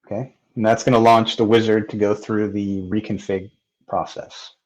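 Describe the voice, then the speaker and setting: A man narrating a technical software walkthrough step by step, in a plain manner with occasional fillers. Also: fairly low pitch, flat delivery, moderate pace, rough recording. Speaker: software tutorial presenter. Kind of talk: screen-recorded technical walkthrough.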